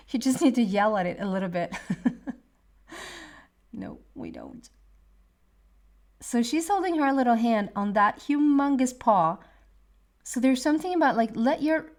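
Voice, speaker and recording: A woman in her thirties giving a tarot reading in a casual, rambling monologue, emotional and quick to laugh. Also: fairly high pitch, darkish tone. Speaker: tarot reader.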